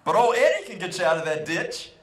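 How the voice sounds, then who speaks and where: Guy doing a folksy farmer yelling high and loud, echoey outdoor pa. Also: sing-song, quick pace. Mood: matter-of-fact. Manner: hollers names loudly at the mule. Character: plainspoken rural farmer, calm and knowing.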